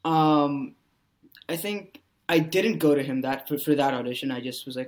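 A man's voice: mid-range voice, steady tone, moderate pace. Man guest rambling with many fillers. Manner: rambling, heavy use of "you know" fillers. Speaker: actor guest. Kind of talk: casual podcast interview.

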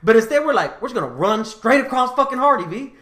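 Animated man telling stories in an echoey room. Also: very high-pitched, quick pace. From Houston, Texas. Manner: animated, profane storytelling, laughing often. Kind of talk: casual storytelling chat.

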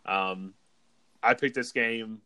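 A man's voice: lowish voice, fairly even intonation, takes it slowly, pushed and bright, clean tone, no room sound. A young man hosting a casual sports podcast, rambling with lots of fillers. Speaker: podcast host.

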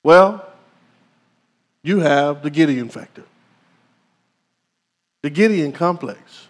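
A male pastor preaching a sermon, calling out to the congregation with dramatic pauses. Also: on the high side, animated, big-room sound.

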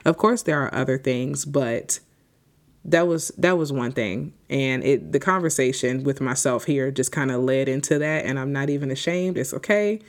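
A woman's voice: a bass voice, moderate pace. A woman in her twenties hosting a solo podcast, talking off the cuff in a rambling, heartfelt and grateful way. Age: 20s. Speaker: podcast host. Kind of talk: unscripted solo podcast reflection.

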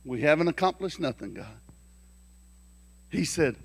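A man preaching a sermon through folksy, joking stories, animated and lively. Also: fairly high pitch, measured pace, long pauses, no echo. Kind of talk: storytelling sermon.

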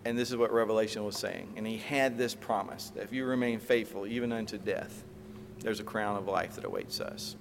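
A pastor delivering a sermon, telling a story with animated retellings and acted-out quotes, then closing in prayer. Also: male voice, lowish voice, a little fast, gravelly. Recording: reverberant hall, faint room noise.

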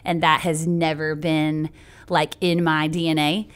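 A woman's voice: low-pitched, little pitch movement, measured pace, clean tone. A woman, a podcast guest who talks in a bubbly, giggly way and often says "like". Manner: bubbly, giggly, self-deprecating, lots of "like". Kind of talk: casual interview chat.

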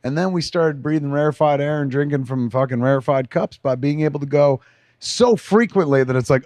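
A man's voice: fairly high pitch, brisk, no room sound. A middle-aged man co-hosting a podcast, chatting casually with lots of swearing and getting emotional. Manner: profane, emotional, animated storytelling. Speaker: podcast co-host. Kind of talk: casual chat.

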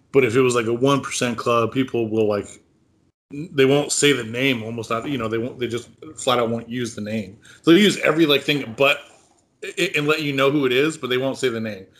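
A man's voice: medium pitch, a bit bright. A man co-hosting a casual podcast chat, rambling with lots of fillers and frequent laughs. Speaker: podcast co-host.

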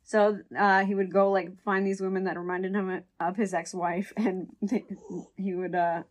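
A woman's voice: mid-range voice, level tone, normal speed. Rambling woman telling a crime story. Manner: rambling, hedging, laughs while telling the story. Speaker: podcast host telling a true crime story. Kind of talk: casual chat.

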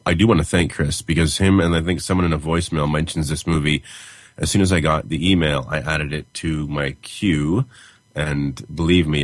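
A man hosting a casual podcast, reading listener emails in a relaxed, drawn-out way with fillers and chuckles. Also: extremely low pitch, dry recording. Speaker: podcast host.

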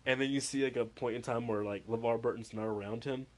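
Animated, profane man telling stories. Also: medium pitch, fast talker. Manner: excitable, profane, acts out voices. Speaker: tattoo artist. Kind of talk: casual chat.

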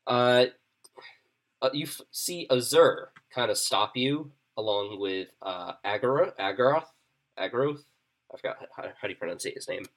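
A man narrating as game master in a relaxed, loose way with many fillers. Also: medium pitch, moderate pace.

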